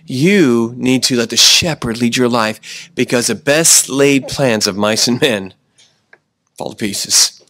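A man's voice: medium pitch, fairly bright tone, dry recording. Preaching man, dry close sound. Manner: slows down for emphasis, restarts often, chuckles. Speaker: pastor. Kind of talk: sermon. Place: church.

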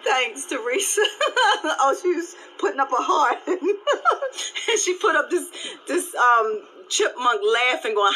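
Woman pastor, live devotional talk, bright voice, faint noise behind, repeats herself. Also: fairly high pitch, a little slow, rough recording. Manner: animated, repetitive, laughs often.

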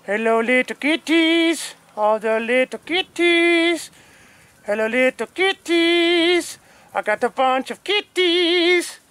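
A man doing a squeaky baby-talk coo. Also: monotone, unhurried, fairly bright tone, no room sound. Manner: sing-song baby talk. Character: cooing baby-talk voice for kittens.

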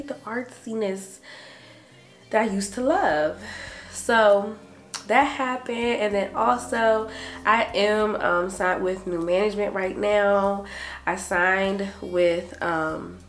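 A young adult woman vlogger chatting casually to her camera, animated and saying "y'all" a lot. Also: mid-range voice. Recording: roomy echo, faint music behind.

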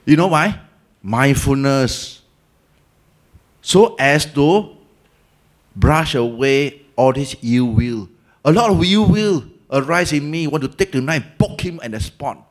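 Singaporean guy giving a dhamma talk, lively storyteller, does the voices of people in his story, slangy, middle pitch. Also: slow. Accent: Singaporean English. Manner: animated storytelling, acts out quoted people; colloquial, Malay and Hokkien words mixed in. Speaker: Buddhist teacher.

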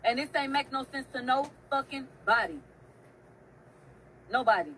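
A woman's voice: high voice, animated, normal speed, pushed and bright, slight background noise, low-quality recording. A woman hosting an online show, telling a story in a casual, emphatic rant. She swears often and repeats phrases for effect.

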